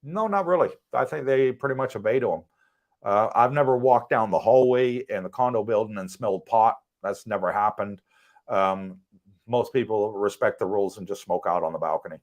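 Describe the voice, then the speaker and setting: A man's voice: fairly low pitch, normal speed. An American man co-hosting a casual livestream from his condo in Thailand, chatting easily and reading out viewer questions with frequent light laughs. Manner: relaxed, chatty, easy laughs. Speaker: livestream co-host.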